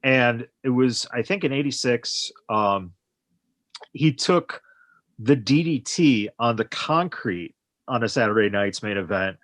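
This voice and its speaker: A man's voice: mid-range voice, expressive, measured pace, a bit bright, dry recording. A man hosting a casual podcast interview, talking in a rambling way with lots of filler phrases. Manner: rambling, heavy on "you know" fillers. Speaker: podcast host.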